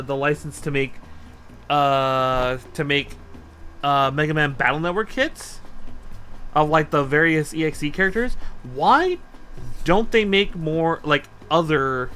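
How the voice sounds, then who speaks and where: Slow, bright-voiced man musing aloud. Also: on the high side. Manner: rambling, talks to himself and counts aloud while working; easily sidetracked, lots of restarts and rhetorical questions. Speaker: streamer. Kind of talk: casual livestream chat while building a model kit.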